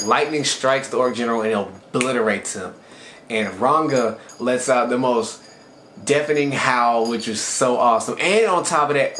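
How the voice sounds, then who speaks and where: A man retells an anime episode in a loose, excited, conversational way, as a channel reviewer. The room sounds echoey, and a faint background noise sits under his voice. His pitch is mid-range for a man. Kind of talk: casual episode recap.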